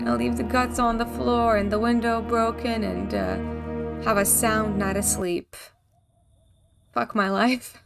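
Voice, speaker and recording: A woman giving deadpan, darkly joking commentary while she plays a video game and reads its text aloud. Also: on the high side, slow, gravelly, long pauses, over loud music. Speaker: gaming video creator. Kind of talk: let's play commentary.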